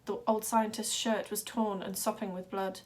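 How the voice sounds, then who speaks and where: A woman's voice: mid-range voice, normal speed. Woman reading a story aloud dramatically. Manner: dramatic, steady narration. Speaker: reader.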